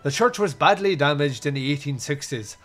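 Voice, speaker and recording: A man voicing a calm, measured male reverend. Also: fairly high pitch. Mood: explaining.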